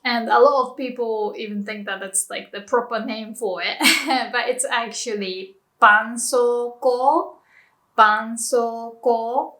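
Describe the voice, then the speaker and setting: A woman's voice: on the high side, normal speed, a bit bright. A young woman with a Japanese accent teaching a casual language lesson, chatty and giggling often between words.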